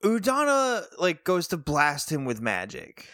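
A man's voice: on the high side, wildly swooping pitch, a little slow, a bit bright, no echo, clean studio sound. Wry young man laughing through a recap. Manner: wry, laughs often, jokey asides. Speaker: podcast co-host. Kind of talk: casual recap chat.

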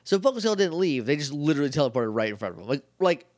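A man's voice: a little high, racing, no echo, studio quality. A man co-hosting a podcast, casually recapping a TV episode and acting out the characters' lines with jokes. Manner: animated, jokey, acts out characters' lines. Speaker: podcast co-host. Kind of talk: casual chat recapping a show.

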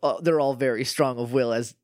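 A man's voice: mid-range voice, brisk, dry recording, studio quality. A man co-hosting a podcast, making wry joking asides in casual chat. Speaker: podcast co-host.

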